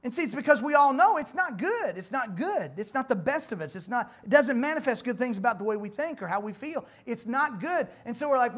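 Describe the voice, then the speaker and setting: A man's voice: very high-pitched, big pitch swings, brisk, few pauses. A man preaching a sermon, emphatic, with rhetorical questions and repeated phrases.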